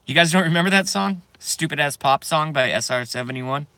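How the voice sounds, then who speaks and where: Male streamer, rambling profane rant to chat, nervous giggler, forceful bright voice, dry close sound. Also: fairly high pitch, fairly quick, no room sound. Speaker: YouTube streamer.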